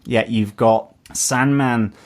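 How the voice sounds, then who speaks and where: A man's voice: medium pitch, steady tone, takes it slowly. A man co-hosting a film review podcast, chatting casually and rambling with many fillers. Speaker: podcast co-host.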